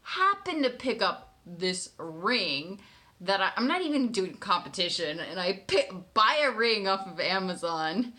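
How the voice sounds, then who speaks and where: A woman telling her partner a personal story in a candid, animated way, swearing freely and often checking in with "right?". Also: medium pitch, a little slow. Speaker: manifestation coach.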